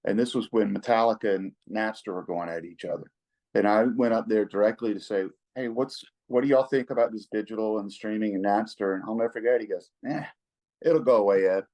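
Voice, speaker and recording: A middle-aged man, a rock singer-songwriter telling stories in a relaxed interview, folksy and quick to chuckle. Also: lowish voice, rough recording. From American South. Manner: laid-back, folksy, chuckles often, repeats words when excited.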